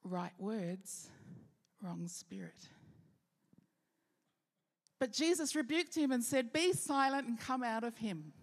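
A woman pastor giving an earnest sermon with rhetorical questions, slowing down for key phrases. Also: fairly high pitch, animated. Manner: earnest preaching, rhetorical questions, slows for emphasis. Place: church hall. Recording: long hall reverb.

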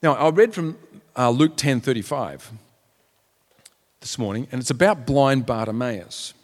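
A man's voice: mid-range voice, lively intonation, measured pace. A man preaching a sermon in an earnest way, now and then acting out the people in a story. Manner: earnest, acts out quotes in raised voices. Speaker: pastor. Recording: long hall reverb.

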